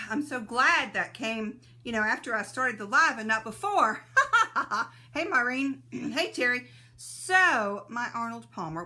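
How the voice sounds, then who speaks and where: A woman's voice: on the high side, sharp tone. A woman hosting a casual live stream, greeting viewers by name and laughing often, a little sneezy and teary-eyed.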